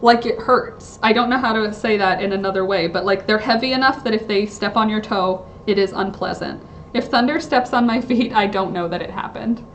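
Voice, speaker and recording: A woman's voice: mid-range voice, fairly quick, hardly any pauses, a little hiss or hum. A woman chatting casually on a livestream from home, rambling and interrupting herself with lots of fillers. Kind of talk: casual live-stream chat.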